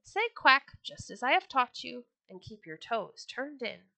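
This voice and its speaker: Storybook mother duck, fussy and motherly, read by a woman, bright and dry. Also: a little high, sing-song, unhurried, creaky, no echo, voice pushed up, full character voice.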